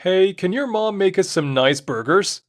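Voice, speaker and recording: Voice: medium pitch, lively intonation, normal speed, natural voice. A narrator doing a sly teasing cousin. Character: sly scheming boy cousin. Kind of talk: storytime narration.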